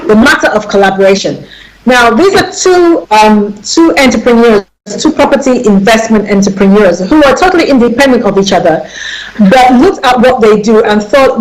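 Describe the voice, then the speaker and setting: A woman's voice: a little high, animated, moderate pace, rough recording. A middle-aged woman hosting a radio talk show, speaking emphatically and turning to her listeners directly.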